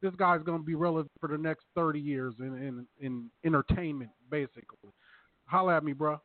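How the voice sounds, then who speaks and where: A man with a high voice hosts a loose sports chat and hands the floor to each panelist. His voice comes through a thin, phone-like line with a dry sound. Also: brisk, no room sound. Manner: relaxed, hands the talk around the panel. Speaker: podcast host.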